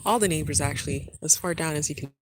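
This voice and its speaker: A woman's voice: low voice, fast, breathy edge, poor audio. A young woman chatting casually to viewers in a home vlog while she does chores. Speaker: vlogger. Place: home and yard on a military base. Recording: loud background noise.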